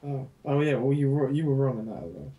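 A man's voice: mid-range voice, expressive, fast, warm tone. A young man, rambling and swearing in casual chat while playing a game. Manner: rambling, swearing, stumbling restarts. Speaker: gamer.

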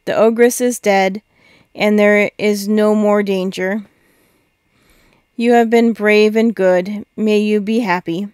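A woman's voice: medium pitch, fairly even intonation, slow, clean tone, no room sound, studio quality, lightly acted. A woman voicing a kindly, gracious female fairy in a storybook reading. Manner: gentle, encouraging. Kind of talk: storybook read-aloud.

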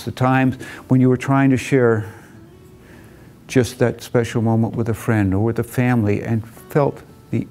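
Mellow-voiced man lecturing earnestly. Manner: earnest, slowing and dropping low for emphasis. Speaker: motivational lecturer. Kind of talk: reflective lecture with storytelling.

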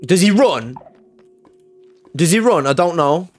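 A young man gives loud, panicky live commentary over a game, screaming, swearing and calling out to his chat. His voice sits a little high. Faint music plays behind him. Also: expressive, a little slow. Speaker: gaming YouTuber.

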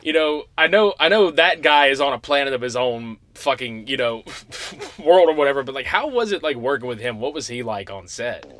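A man hosting a podcast, asking excited, swearing questions in a casual interview. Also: medium pitch, moderate pace, hardly any pauses, no room sound. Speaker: podcast host.

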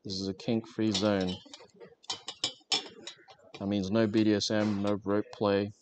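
A man with a lowish, level voice chats unhurriedly with viewers while livestreaming himself crafting, against a noisy background. His talk is casual, rambling, and joking, with lots of fillers.

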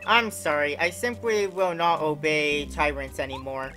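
A woman's voice: sits low, steady tone, measured pace, fairly bright tone, soft background music, voice pushed down, rough recording. A woman reading game dialogue for a group of grumbling imprisoned male bob-omb workers, complaining with dramatic outbursts.

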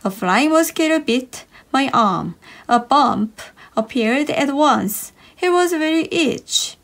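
Slow, sing-song woman reading for kids. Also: high voice, lively intonation, gravelly, a bit bright. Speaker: reader of children's English stories. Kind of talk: slow expressive read-aloud for kids.

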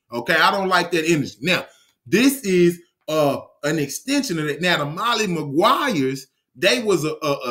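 A man's voice: high voice, a bit bright. A man giving a ranting monologue lecture in a profane, emphatic and confrontational manner, often restarting his sentences. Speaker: online lecturer.

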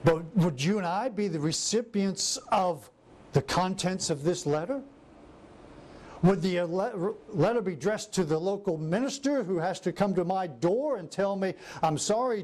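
A man's voice: high-pitched, moderate pace, a little hiss or hum. A man preaching a sermon who acts out scripture scenes in different voices. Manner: animated, acts out biblical quotes in varied voices.

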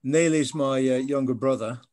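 A man from Birmingham speaking as a guest on a video call, telling his family story in a measured, halting way with frequent ums. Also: mid-range voice, a little mellow, dry recording, clean studio sound. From Birmingham, England. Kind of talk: telling family history in conversation.

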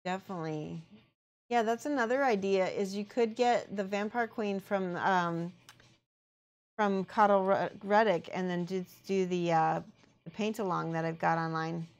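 A woman's voice: mid-range voice, measured pace. A woman chatting casually on a live stream as she paints miniatures, thinking aloud and reading out the chat.

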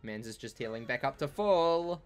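A man's voice: mid-range voice, animated, moderate pace, soft background music. A man chatting casually while streaming a game, playful and teasing, often repeating himself. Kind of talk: casual gameplay chat.

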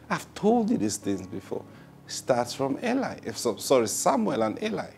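A man preaching a sermon, laughing often and repeating praise, swinging between loud bursts and hushed, drawn-out phrases. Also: medium pitch, wildly swooping pitch, gravelly. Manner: laughs often, repeats "Praise God", asks rhetorical questions.

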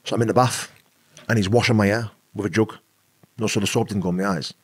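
A lowish, breathy-edged voice belongs to a British man recounting a personal story on a podcast, speaking at a quick pace with fairly even intonation. He's casual and rambling, often saying "you know what I mean," and is the adult father of an eleven-year-old. There's no echo.

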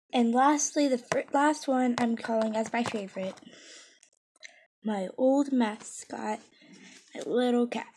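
A woman's voice: on the high side, takes it slowly, pauses often, darkish tone, slight background noise. Bubbly rambling woman vlogger. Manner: bubbly, rambling, with whispered asides. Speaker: toy collection vlogger. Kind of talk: casual chat. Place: bedroom.

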